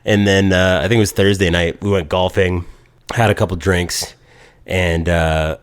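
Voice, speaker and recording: Deep-voiced man telling a lively story. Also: moderate pace, smooth. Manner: animated storyteller, quotes people in voices. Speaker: podcast co-host. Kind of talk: casual storytelling chat.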